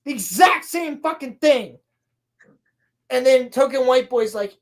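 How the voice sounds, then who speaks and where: A woman's voice: sits high, lively intonation. A woman on a casual podcast, ranting profanely and exasperatedly about a show she is recapping. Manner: profane, exasperated ranting with quick acted quotes. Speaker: podcast co-host.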